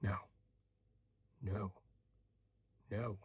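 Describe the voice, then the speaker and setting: A man voicing a tormented, coldly intense young man as whispered role-play, hushed and tense. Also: on the low side, level tone, drawn-out words, breathy edge, exaggerated voice. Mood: anguished.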